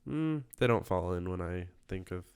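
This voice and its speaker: A young man co-hosting a sports podcast, easygoing and agreeable in a measured way. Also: low voice, lively intonation, darkish tone, clear, resonant tone. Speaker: podcast co-host. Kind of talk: casual sports chat.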